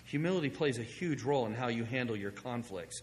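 A man's voice: medium pitch, fairly quick. Male pastor, sermon delivery, chatty storyteller, long reverb of a big hall, faint hiss. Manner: conversational storytelling, animated when quoting himself.

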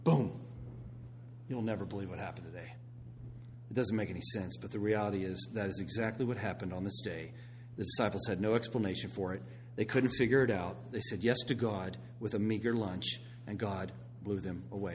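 A middle-aged man preaching a sermon as a pastor, telling stories with animated swings between loud bursts and hushed lines. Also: fairly low pitch, a little fast, a little hiss or hum.

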